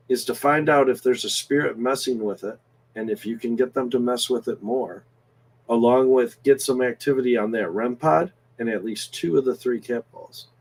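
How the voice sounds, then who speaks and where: Guy cohosting a ghost hunt stream, explaining the task, normal pitch. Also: darkish tone, slightly rough. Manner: explaining and setting tasks. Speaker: co-host giving challenges. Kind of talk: live stream hosting.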